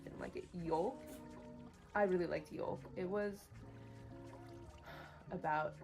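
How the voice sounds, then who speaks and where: A woman's voice: lowish voice, steady tone, slow, gravelly. A woman livestreaming, chatting casually about books she has read, bluntly opinionated and full of "like". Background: music playing.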